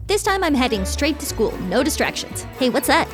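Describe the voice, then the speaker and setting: A woman's voice: high voice, big pitch swings, a little fast, music in the background. A young woman hosting a gaming channel, bubbly and wry as she narrates her play and reads characters' lines aloud. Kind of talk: playing and narrating a game.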